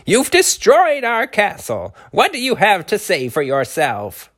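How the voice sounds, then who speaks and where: Tiny hopping-mad sea turtle gent, shrill and indignant, a man voices him in a storybook reading. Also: animated, slow, gravelly, fairly bright tone, heavily acted. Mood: outraged. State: has a cold. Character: tiny furious male sea turtle in evening clothes.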